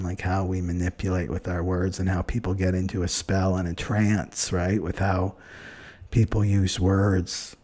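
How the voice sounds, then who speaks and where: A man who is an astrologer, chatting in a relaxed way on a live stream as he answers viewer comments, often adding "right?" and short laughs. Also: lowish voice. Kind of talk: live-stream talk and chart reading.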